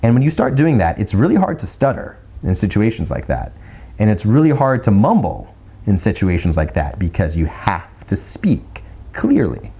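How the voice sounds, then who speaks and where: A man hosting a video, giving casual advice on speaking clearly, chatty and full of restarts, sometimes slowing into a deliberate rhythmic delivery. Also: fairly low pitch, sing-song, dark tone. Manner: chatty, repeats words, demonstrates slow rhythmic delivery. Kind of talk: casual teaching monologue.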